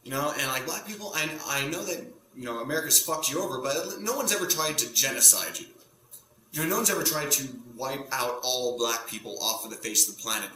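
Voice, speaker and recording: Rambling bright-voiced stand-up comic. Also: male voice, mid-range voice, animated, a little fast. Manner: rambling, self-interrupting, provocative. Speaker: stand-up comedian. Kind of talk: stand-up routine to camera. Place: home setup in front of a green screen. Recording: echoey room with faint hum.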